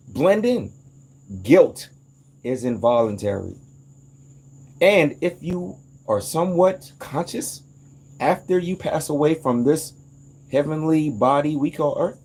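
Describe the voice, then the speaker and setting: A man in a casual, rambling monologue, animated and profane, jumping into sudden high outbursts. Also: slightly rough. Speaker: vlogger.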